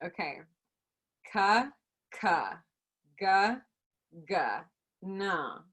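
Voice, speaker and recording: A woman student on a video call, quietly and slowly working through pronunciation drills. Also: medium pitch, big pitch swings. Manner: very slow, quiet sound drills.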